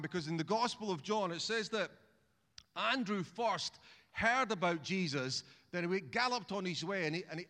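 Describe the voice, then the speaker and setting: A man's voice: high-pitched, bright, forceful tone, big-room sound. A man preaching a sermon in a chatty, humorous way, often restarting phrases and calling on the congregation to repeat words. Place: church.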